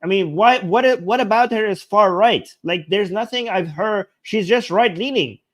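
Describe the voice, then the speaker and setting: A man's voice: high voice, moderate pace. A man hosting his channel, reacting to a clip in casual commentary, sarcastic and incredulous, often repeating himself. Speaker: channel host.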